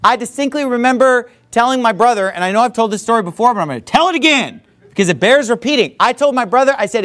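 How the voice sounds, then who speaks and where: Animated man preaching a sermon. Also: extremely high pitch, fast talker. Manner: conversational, animated storytelling with frequent asides. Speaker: pastor.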